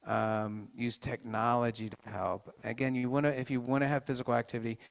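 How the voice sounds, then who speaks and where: Delivering a casual health talk before a live audience, a man stumbles through many restarts and keeps posing questions to the group. His voice is mid-range with vocal fry and barely shifts in pitch.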